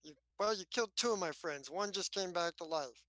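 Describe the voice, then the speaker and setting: A man putting on a hot-headed, foul-mouthed woman fighter who snaps back angrily. The voice is bright and forceful. It is recorded dry and close. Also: sits high, brisk, no room sound. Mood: angry. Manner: angry, swearing.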